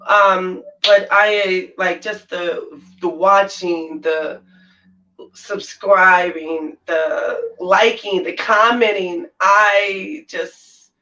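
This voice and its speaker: A man's voice: high-pitched, a bit bright. A man hosting a casual live stream from his bedroom, giggly and effusive, laughing often. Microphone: laptop mic at a distance. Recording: dull sound from a distant laptop mic.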